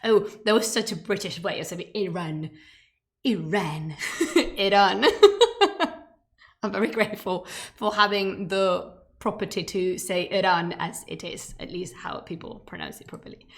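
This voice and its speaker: A Spanish-speaking woman streams a playful chat before launching into a history lecture, wandering off into emphatic asides along the way. Her mid-range voice is slightly bright, with a steady tone and moderate pace.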